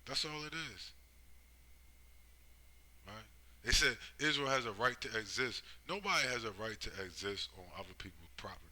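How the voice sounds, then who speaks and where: A man's voice: on the low side, animated, normal speed, long pauses, bright, forceful tone, poor audio. A man giving a rambling, profane monologue, driving his points home with constant tag questions. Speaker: commentator. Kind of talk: casual monologue.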